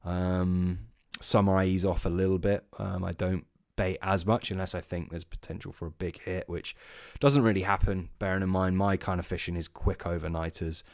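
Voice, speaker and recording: Laid-back male podcast co-host, deep voice, dry close sound, rambling delivery. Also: flat delivery, moderate pace, few pauses, darkish tone, dry recording. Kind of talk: casual podcast chat.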